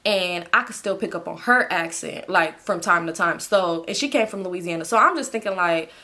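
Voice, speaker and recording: A woman's voice: fairly low pitch, normal speed. Slangy young woman telling a story. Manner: animated, slangy, swears freely, addresses viewers as y'all. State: sleepy. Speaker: storytime vlogger. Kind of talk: casual storytelling to camera.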